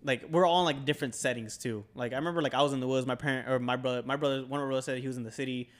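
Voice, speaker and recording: A man's voice: mid-range voice, fairly even intonation, racing. A young man casually telling a spooky story, laid-back and peppered with swearing and filler words.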